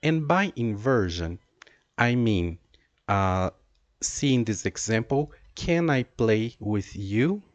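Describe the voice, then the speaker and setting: A man teaching an English grammar lesson, explaining slowly and reading out example sentences. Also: lowish voice, expressive, no room sound, muffled recording. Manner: slow, deliberate explaining with drawn-out example sentences.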